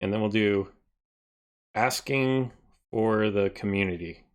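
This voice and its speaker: A man chatting casually on a live stream, thinking aloud and often trailing off into quieter mumbles as he reads from his screen. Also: fairly low pitch, slow, clean tone.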